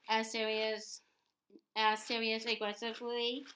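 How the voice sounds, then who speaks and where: A woman reading a novel aloud, halting often and repeating words, in a noisy home recording. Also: fairly high pitch, completely flat delivery, sharp tone. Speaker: audiobook reader.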